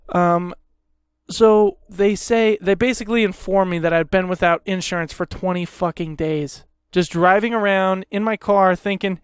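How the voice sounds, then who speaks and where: A man's voice: high voice, steady tone, moderate pace, clear, resonant tone, no echo, clean studio sound. A young man hosting a podcast, ranting angrily and sarcastically with constant swearing and rambling asides. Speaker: podcast host. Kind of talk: profane ranting monologue.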